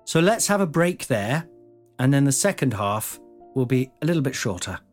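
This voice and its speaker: Lively forties man telling a story. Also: mid-range voice, moderate pace, soft background music. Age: 40s. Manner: lively, swears, acts out voices. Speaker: podcast host. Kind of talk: casual storytelling.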